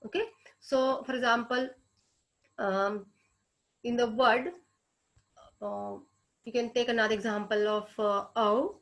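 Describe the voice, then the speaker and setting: High-voiced Indian woman teaching phonetics. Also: steady tone, a bit bright. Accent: Indian English. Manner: hesitant, many filler sounds, repeats sounds slowly to demonstrate. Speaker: English lecturer. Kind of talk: online phonetics lecture.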